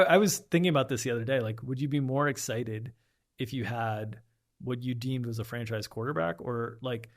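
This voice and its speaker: A young man from South Florida, a podcast guest, talking in a loose, rambling way with lots of "like" and "yeah". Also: mid-range voice. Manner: rambling, heavy on filler "like" and repeated "yeah". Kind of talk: casual conversation.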